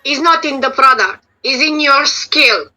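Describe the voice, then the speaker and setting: A woman's voice: high-pitched, lively intonation, unhurried, sharp tone, soft background music, poor audio. A middle-aged woman, a makeup and prosthetic artist, giving frank, explanatory advice in an interview over a video call, her voice a bit strained as she is losing it. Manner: explanatory, frank, restarts phrases. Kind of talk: casual interview answers.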